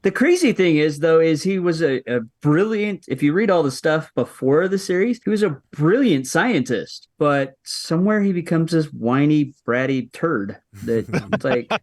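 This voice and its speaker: A man's voice: on the high side, lively intonation, normal speed, few pauses, a little mellow, no room sound, studio quality. A man guesting on a podcast, chatting casually and rambling enthusiastically about cartoons. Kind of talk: casual chat.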